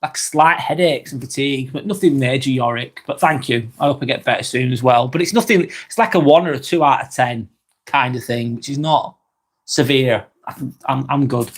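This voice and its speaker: A man with a husky mid-range voice hosts a slow, rambling live-stream vlog, reading viewer comments aloud with lots of fillers and apologies. He's a little under the weather and coughs now and then.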